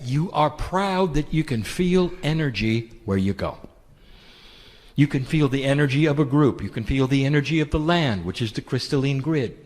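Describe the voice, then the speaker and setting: A man delivers a channeled spiritual talk, his fairly high voice rising and falling in lively swoops. He speaks in a gentle, intimate, preacherly way and keeps asking the listener questions. A long hall reverb trails after his words.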